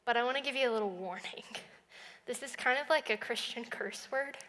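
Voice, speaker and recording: Bright-voiced young woman preaching in a hall. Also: a little high, brisk, slight background noise. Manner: conversational, chatty preaching. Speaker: college minister. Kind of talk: sermon. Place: church sanctuary. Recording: long reverb of a church hall.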